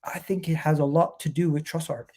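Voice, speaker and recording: A man's voice: on the high side, fairly even intonation, brisk, darkish tone. A man with a cold and a nasal voice, hosting a live fan reaction stream about his football club, talking in an emphatic, repetitive, hyped way. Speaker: football fan channel host.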